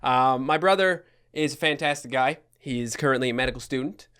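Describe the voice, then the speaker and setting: A man's voice: medium pitch, fairly quick, a bit bright, clean tone. A young man in his twenties with a Newfoundland accent, telling a childhood story in a casual, joking commentary with the odd swear. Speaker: YouTuber.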